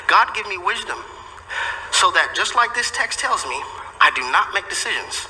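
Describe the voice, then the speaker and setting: A man's voice: high voice, animated, normal speed, sharp tone. A man preaching a sermon as a pastor, emphatic and repeating his key phrases for effect. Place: church sanctuary. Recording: echoey sanctuary with long reverb.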